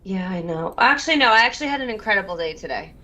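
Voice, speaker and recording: A woman's voice: mid-range voice, expressive, very fast, sharp tone. A woman with a Long Island accent co-hosting a podcast over a video call, talking expressively and emphatically. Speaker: podcast co-host. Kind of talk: casual chat.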